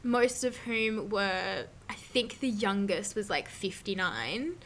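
Woman, casual podcast guest, mid-pitched, rambling with "like" and "um", faint background hum. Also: lively intonation, slow pace, fairly bright tone. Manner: chatty, many "like" and "um" fillers. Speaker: guest describing a book.

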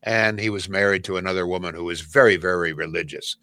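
A man's voice: low-pitched, quick pace, pushed and bright, no echo. An older man, a radio host telling rambling family stories and reading a live ad. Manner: rambling storyteller, laughs at own stories. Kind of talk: casual radio chat and live ad read.

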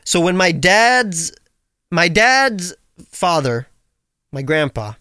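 A young man co-hosting a podcast, telling stories in a rambling, animated way with lots of restarts. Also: high voice, slow pace, clear, resonant tone, no echo, studio quality. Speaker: podcast co-host. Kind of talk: casual chat.

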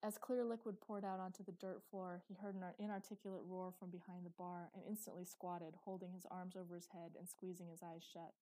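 A woman narrates a dark fantasy story in a steady, measured read. Her voice is low and mellow, recorded dry and close with no room sound. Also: dry recording, poor audio. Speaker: audiobook narrator.

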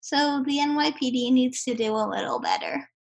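A woman's voice: high-pitched, moderate pace, creaky, rough recording. A young woman on a college podcast panel, speaking directly in casual discussion.

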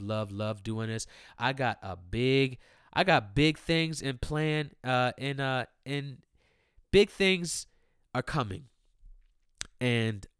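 On his own podcast, a man vents in a heated, foul-mouthed, repetitive rant aimed directly at listeners. His mid-range voice is clean, recorded with clean studio sound and no room sound.

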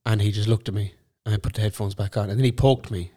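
A man's voice: on the low side, steady tone, quick pace, dark tone. A young man co-hosting a podcast, telling a story in casual chat, swearing freely and acting out what people said. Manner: swearing storyteller, acts out quotes. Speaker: podcast co-host.

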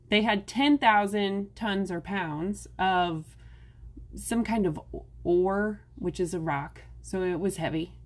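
Chatty woman hosting a podcast. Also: mid-range voice. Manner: chatty, sarcastic asides. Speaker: podcast host. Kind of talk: casual solo podcast talk.

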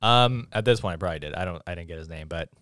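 A podcast co-host recaps a film in a laid-back, casual way, filling his talk with lots of "um" and "like". His voice is low-pitched and a bit bright, delivered very fast, and the dry recording has a clean studio sound.

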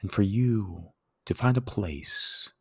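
Low husky guy, gravelly, talks soft and soothing, dry close sound. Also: no room sound. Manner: gentle, reassuring, slow and soothing. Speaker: podcast host and Latin teacher. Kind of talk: soft-spoken podcast intro, partly whispered.

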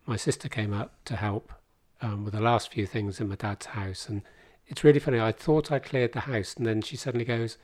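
A man's voice: on the low side, fairly even intonation, fairly quick, hardly any pauses, a little mellow, no room sound, studio quality. Wry man telling a story. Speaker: podcast guest. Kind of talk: casual conversation.

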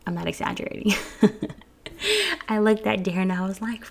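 A woman's voice: mid-range voice, expressive, normal speed, vocal fry, pauses often, a bit bright. A young woman telling a personal story to her viewers from home in a casual, candid way, swearing freely and restarting her sentences. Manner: candid and frank, swears freely, frequent restarts and little laughs. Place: at home early in the morning.

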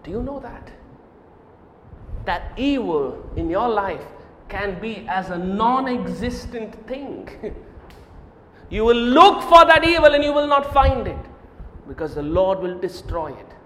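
A man preaching a sermon, swinging from loud, emphatic declarations to quiet, low asides and repeating Scripture phrases for emphasis. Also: sing-song, unhurried, long pauses, slight background noise. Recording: echoey hall, roomy reverb.

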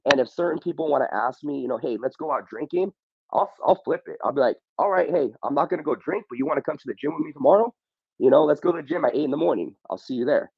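A man's voice: on the high side, lively intonation, fast, vocal fry, husky, no room sound, narrow, tinny audio. A man speaking as a podcast guest in casual motivational talk, often saying "bro" and "you know what I mean".

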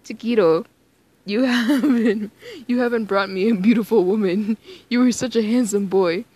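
A woman's voice: medium pitch, moderate pace, warm tone, natural voice. A woman putting on a fussy doting grandmother. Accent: put-on Spanish-tinged accent.

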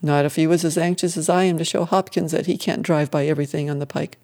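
Brief: horse-proud old deacon, plain and boastful, read by the narrator, mellow tone. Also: mid-range voice, steady tone, quick pace, natural voice. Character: stubborn older deacon proud of his horses.

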